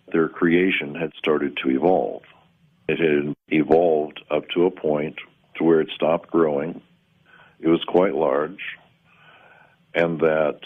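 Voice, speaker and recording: Low husky man on a tinny line. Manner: measured, plainspoken, searching for words. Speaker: storyteller recounting an experience. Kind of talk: first-person spoken recollection.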